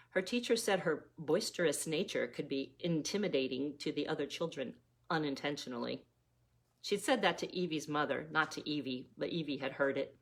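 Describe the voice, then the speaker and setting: A woman reading her own novella aloud, gently, like a mother reading a story to her children. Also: sits low.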